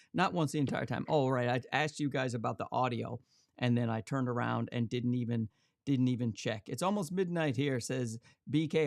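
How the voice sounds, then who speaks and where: A man's voice: medium pitch, dry recording. A man hosting a camera livestream from his home studio, chatting and joking as he reads viewer comments aloud. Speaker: camera channel host. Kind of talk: casual livestream chat. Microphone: XLR shotgun mic.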